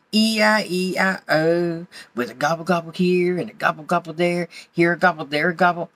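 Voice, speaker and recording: A woman's voice: low-pitched, full character voice. A woman doing an eager gobbling turkey. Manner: bright, determined, gobbling. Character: eager male farm turkey sneaking into school.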